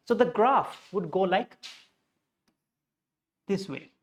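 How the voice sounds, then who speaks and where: A man's voice: high voice, a little slow, pauses often, fairly bright tone. A man with an Indian English accent teaching English pronunciation from slides. He explains step by step, repeats words to demonstrate stress, and slips into Hindi now and then. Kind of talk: slide-based lesson.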